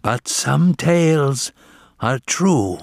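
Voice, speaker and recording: A man reading a storybook aloud, voicing an old, wise grandfather cat who speaks quietly and gently. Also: mid-range voice, animated, very slow, gravelly, no room sound, clean studio sound, voice pushed up, full character voice. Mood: gentle.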